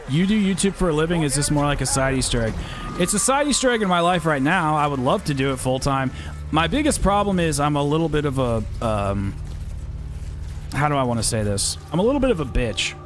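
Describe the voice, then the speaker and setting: A fairly high-voiced man chats loosely while streaming a game, rambling and poking fun at himself. Loud game music plays under his voice. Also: lively intonation, fairly quick. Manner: rambling, self-deprecating, loose talk. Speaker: gaming streamer and YouTuber. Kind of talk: casual livestream chat while playing. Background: game music and sound effects.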